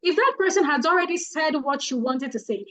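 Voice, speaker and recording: Emphatic high-voiced Nigerian woman. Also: animated, fairly quick, crowd noise, poor audio. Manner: emphatic, repeats points for effect. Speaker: guest speaker. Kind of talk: public speaking advice talk.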